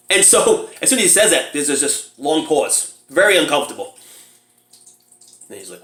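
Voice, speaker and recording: Man reviewer, casual and giggly, animated pitch, recorded in an echoey room. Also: a little slow, long pauses. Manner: laughs often while retelling scenes, mimics characters in high squeals. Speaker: movie reviewer.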